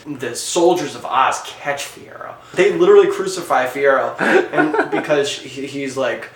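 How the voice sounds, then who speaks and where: A man casually retelling a story as a joke, animated and joking. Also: medium pitch, measured pace, hardly any pauses, echoey room, recorded from a distance.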